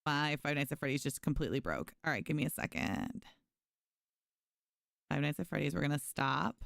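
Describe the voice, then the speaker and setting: A woman's voice: sits low, expressive, fairly quick, gravelly, fairly bright tone, dry recording, studio quality. A woman streaming a game live, chatting casually with viewers and thanking them by name. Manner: frequent restarts and fillers. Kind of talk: casual live gameplay commentary.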